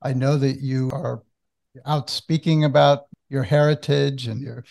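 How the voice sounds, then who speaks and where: A man hosting an interview, speaking gently and appreciatively to his guest. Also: medium pitch, steady tone, unhurried, vocal fry. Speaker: host.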